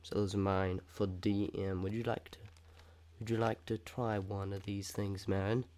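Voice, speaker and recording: A man's voice: lowish voice, flat delivery, normal speed, darkish tone. A young man co-hosting a casual podcast, joking around playfully and laughing often. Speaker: podcast co-host. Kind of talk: casual chat.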